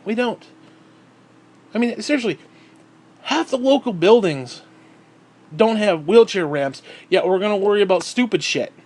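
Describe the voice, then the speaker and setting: A man's voice: sits high, animated, measured pace, long pauses, darkish tone. A man vlogging in a heated, sarcastic rant, swearing constantly. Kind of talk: profane ranting monologue.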